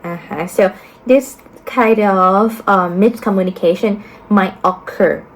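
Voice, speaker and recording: A woman teacher narrating a lesson, explaining carefully and slowly, with frequent ums and uhs. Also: medium pitch, poor audio.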